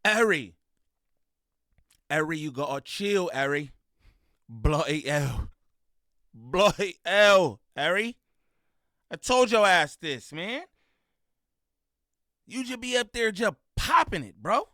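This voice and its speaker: A man's voice: high voice, sing-song, slow, pauses often, sharp tone, dry recording, clean studio sound. A man delivering a heated, mocking call-out during a livestream rant.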